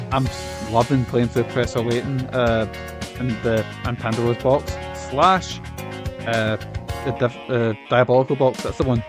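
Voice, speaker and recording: Brief: streamer, mid-pitched, loose rambling chat, swears, music bed underneath. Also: male voice. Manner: rambling, chatty, swears, many fillers. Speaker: game streamer. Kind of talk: casual live-stream chat. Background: game music.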